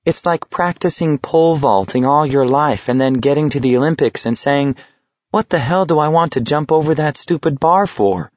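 A man's voice: fairly high pitch, normal speed, no room sound, highs cut off, voice pushed up, natural voice. A man voicing a bitter, philosophical young male walker, in a raised, earnest tone.

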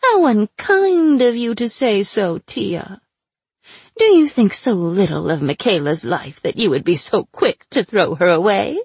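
A woman voicing a cruel, sly chained sorceress who mocks her captor in a slow, drawn-out way. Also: medium pitch, big pitch swings, darkish tone, husky, dry recording, pitched above the performer's own voice, heavily acted. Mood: taunting. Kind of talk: audiobook character voice.

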